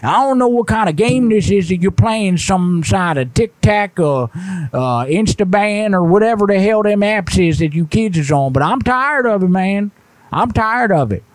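Cranky, profane old grandpa at a bingo hall, played by a man, raised pitch, close and dry. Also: animated, normal speed. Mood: irate grumbling. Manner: ranting, profane, rough slang grammar. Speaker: prank caller.

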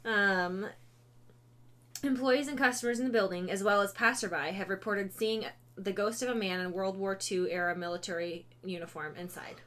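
A woman of ordinary pitch hosts a relaxed podcast chat. She reads ghost lore aloud in an easygoing way, stumbling over words, correcting herself and scattering ums through the text. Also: normal speed. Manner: reads aloud with many fillers and self-corrections, breaks off to laugh and joke. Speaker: podcast host. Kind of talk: casual chat, reading ghost stories aloud.

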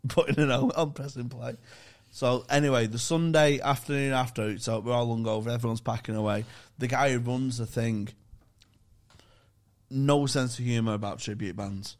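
A man's voice: medium pitch, steady tone, normal speed. A man co-hosting a comedy podcast, laughing often and swearing freely in casual chat.

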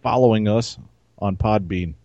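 Chatty low-voiced male co-host. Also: a little slow, warm tone, dull audio. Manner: chatty, rambling storyteller. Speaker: podcast co-host. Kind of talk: casual podcast chat.

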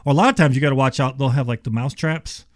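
A man's voice: mid-range voice, fast, no echo, clean studio sound. A middle-aged contractor man telling rambling work stories as a radio guest, full of quoted dialogue. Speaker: attic service contractor guest. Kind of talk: casual storytelling on radio.

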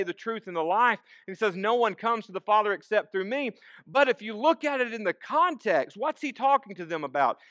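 A man's voice: high-pitched, fairly bright tone, dry recording, clean studio sound. A man preaching a sermon, asking the congregation questions and repeating key phrases. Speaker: pastor.

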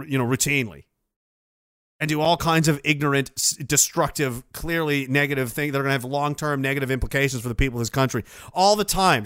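A man's voice: fairly high pitch, sharp tone, clear, resonant tone, no echo, clean studio sound. A man from Canada hosting a livestream. He reads viewer donations and rants in a sarcastic, rambling way, laughing often. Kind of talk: casual rant and chat. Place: indoors.

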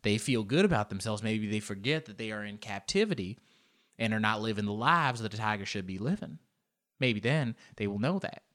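Man putting on a sleazy diamond dealer, low soft voice, smooth salesman patter, comedy bit. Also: expressive, a little fast. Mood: smooth-talking.

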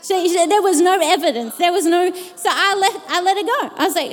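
A woman preacher giving a sermon, telling a personal story in an animated way and acting out the people in it. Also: extremely high pitch, a little fast, hardly any pauses, big-room sound. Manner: animated, acts out the people in her stories.

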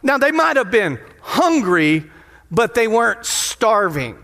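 A man pastor preaching a lively, playful sermon in a church sanctuary, often putting questions to the crowd. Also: high-pitched, takes it slowly. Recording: long hall reverb of a sanctuary.

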